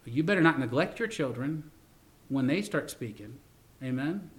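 A man's voice: medium pitch, lively intonation, moderate pace. A middle-aged man preaching a sermon, calling "Amen?" to the congregation and telling folksy stories with many restarts. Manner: repeats words and restarts, folksy storytelling. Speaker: pastor.

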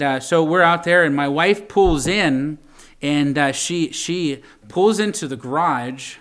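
A man's voice: medium pitch, a bit bright. A young adult man preaching a sermon, talking conversationally and asking the congregation for an amen. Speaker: pastor.

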